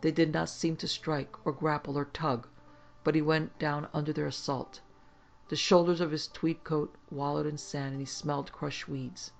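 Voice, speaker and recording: Gravelly man reading a horror story. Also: on the high side, moderate pace. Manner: dramatic, expressive. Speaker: narrator.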